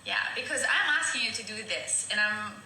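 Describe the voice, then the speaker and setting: A woman's voice: mid-range voice, animated, brisk, bright, forceful tone, reverberant, slight background noise, poor audio. A woman in her thirties with an Italian accent, chatting casually during a live watch-along of her show and laughing often.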